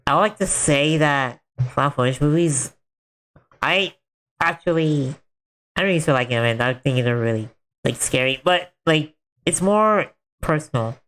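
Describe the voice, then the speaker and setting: A man's voice: on the high side, unhurried, long pauses, a bit bright. A man streaming a game, chatting casually in a rambling way full of filler words. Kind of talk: casual chat while gaming.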